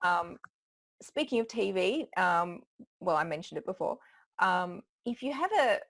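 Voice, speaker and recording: Gravelly-voiced woman speaking coach. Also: fairly low pitch, lively intonation, measured pace, a bit bright. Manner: explains with frequent laughs. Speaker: public speaking trainer, guest. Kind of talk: conversational expert advice.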